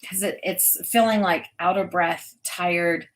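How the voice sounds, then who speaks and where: A middle-aged woman hosting a live stream, chatting warmly and giving intuitive readings to viewers. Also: fairly low pitch, steady tone, measured pace. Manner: bubbly, chatty, reads viewer comments aloud, laughs often. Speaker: intuitive reader and host.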